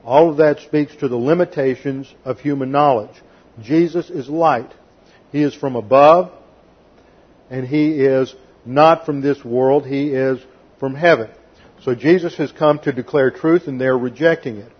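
A medium-pitched, slightly rough male voice, a little slow, is recorded with the highs cut off. The speaker is a pastor preaching a careful expository Bible sermon: he reads scripture, explains Greek grammar, and sometimes delivers quotes sarcastically.

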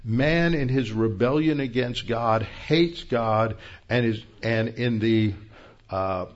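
A man's voice: mid-range voice, slow pace, highs cut off. A man preaching an expository sermon, working methodically through Bible verses and the Greek and Hebrew terms behind them. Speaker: pastor.

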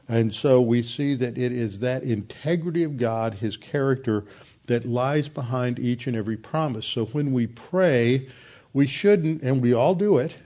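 A man preaching a verse-by-verse teaching sermon, explaining Hebrew words in a measured way with frequent restarts. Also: medium pitch, warm tone. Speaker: pastor. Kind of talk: expository sermon.

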